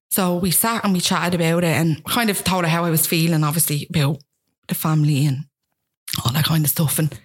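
A woman's voice: on the low side, breathy edge. A young woman with a Dublin Irish accent, telling her own story as a guest in a candid, self-mocking way and acting out what people said. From Ireland. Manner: rapid, frank, self-mocking, acts out quotes.

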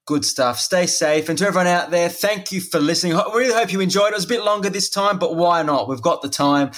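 A man hosting a podcast who wraps up the episode in a brisk, friendly way. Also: high-pitched, a bit bright. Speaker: podcast host. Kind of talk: casual podcast chat.

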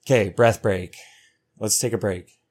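Excitable profane man in his thirties. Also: lowish voice, unhurried, slightly rough. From North America. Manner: excitable, profane, swings between loud bursts and quiet asides. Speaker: podcast host. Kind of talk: casual solo podcast monologue.

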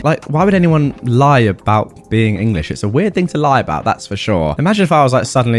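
A man hosting a channel, reading stories aloud and joking about them afterward in a lively way. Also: medium pitch, a little fast, few pauses, faint music behind. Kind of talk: storytelling narration with commentary.

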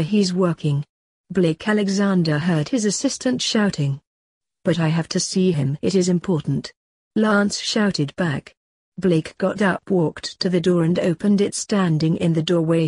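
Woman narrator, low-ish husky voice, dry close sound. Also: darkish tone, dry recording. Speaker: podcast host and author reading her story. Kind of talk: storytelling narration.

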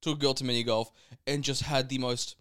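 A man's voice: mid-range voice, steady tone, a little fast, a bit bright, smooth. A young man co-hosting a podcast, swearing and joking his way through casual banter. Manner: swears often, laughs a lot, jokey. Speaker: podcast co-host.

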